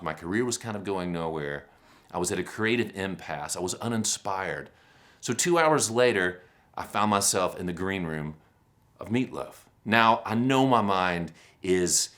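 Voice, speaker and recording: A man in his fifties giving a motivational keynote, telling stories in an animated, self-deprecating way with rhetorical questions. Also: low voice. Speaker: keynote speaker.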